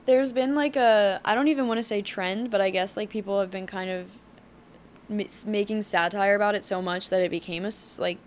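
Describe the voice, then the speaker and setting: A young woman in her twenties hosts a solo podcast, speaking at a medium pitch with frank, heated candor. Her talk is loose and full of fillers and swearing, and a faint hiss sits under the recording. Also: fairly even intonation, fairly quick. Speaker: podcast host.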